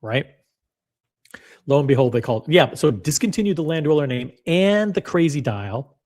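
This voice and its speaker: A man hosting a casual livestream, chatty and blunt, reading viewer comments aloud with quick restarts and self-deprecating asides. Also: fairly high pitch, very animated, a little mellow. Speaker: livestream host reacting to watch predictions.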